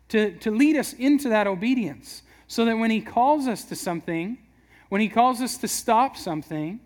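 A young man preaching a sermon in church, talking in a relaxed conversational way with jokes and frequent restarts. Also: high-pitched. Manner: conversational, humorous, many restarts. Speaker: pastor.

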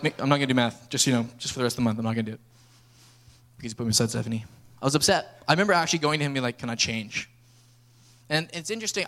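Young male pastor, earnest sermon delivery, bright forceful voice. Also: a little high. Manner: earnest, building to emphatic appeals.

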